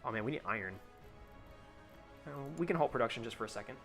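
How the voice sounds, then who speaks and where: Give me a young male streamer rambling casually over gameplay at a middle pitch. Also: expressive, fast talker, a bit bright, soft background music. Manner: rambling, many fillers and restarts. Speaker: live streamer.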